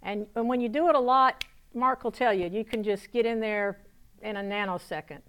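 A woman pastor giving a spoken testimony to an audience, telling her story with lively energy and dropping into soft, hushed tones. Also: medium pitch, normal speed, clean tone.

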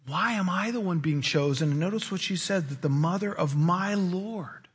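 A man preaching a sermon, animated, swinging between loud emphasis and hushed asides. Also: high voice, moderate pace, breathy edge. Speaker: pastor.

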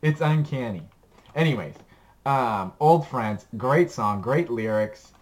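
A man's voice: mid-range voice, animated, slow pace. A man on a podcast chatting casually and enthusiastically about music he likes, rambling and laughing as he talks. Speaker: podcast co-host giving a music recommendation. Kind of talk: casual chat.

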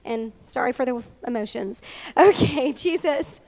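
A woman's voice: high-pitched, lively intonation, a little slow, gravelly, darkish tone. A woman preaching a heartfelt sermon to a women's gathering, earnest and openly emotional. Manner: earnest, emotional, tearful at times. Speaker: women's ministry speaker.

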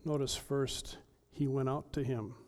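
A male pastor preaching an earnest sermon with emphatic delivery and dramatic pauses. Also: medium pitch, steady tone, a little mellow.

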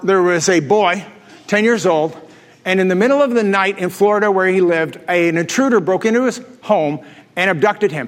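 High pitched guy preaching a sermon, jokey storyteller, long echo from the big church hall. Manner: storytelling, joking and laughing with the congregation. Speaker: pastor.

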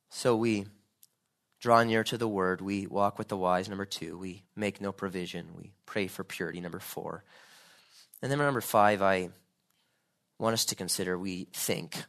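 A man's voice: lowish voice, moderate pace, pauses often, fairly bright tone. A man preaching a sermon, earnest and building to fervent pleading.

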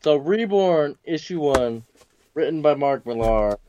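A man's voice: a little high, expressive, unhurried, a little mellow, a little hiss or hum. A young man in casual chat, teasing his friend with profane banter. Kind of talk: casual chat about TV and comics. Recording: dry, dull lo-fi sound.

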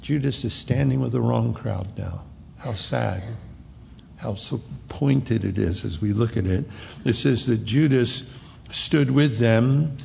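A middle-aged man preaching a verse-by-verse sermon, reading scripture slowly and explaining it emphatically. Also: mid-range voice, gravelly, a little mellow, big-room sound, a little hiss or hum. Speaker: pastor. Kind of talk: verse-by-verse Bible teaching sermon.

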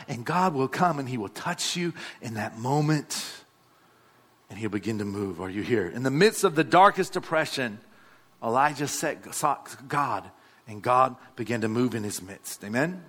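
A man's voice: fairly high pitch, expressive, moderate pace, fairly bright tone. A male pastor, preaching a sermon and calling out to the congregation. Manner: exhorting, calls out to the congregation.

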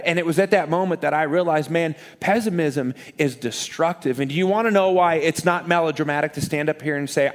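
High-voiced animated pastor preaching. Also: male voice, fairly quick. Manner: animated, self-deprecating, repeats words for emphasis. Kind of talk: sermon.

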